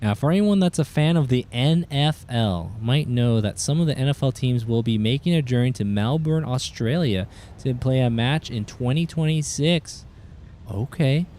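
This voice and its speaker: A man's voice: mid-range voice, normal speed, a little hiss or hum. Chatty male game streamer. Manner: chatty, greets chat viewers, excitable outbursts. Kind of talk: casual live-stream commentary.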